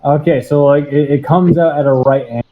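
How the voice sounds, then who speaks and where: A man playing a tabletop game, describing his character's actions deliberately and hesitantly, with fillers. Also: fairly high pitch, steady tone. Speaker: player. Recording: muffled lo-fi audio.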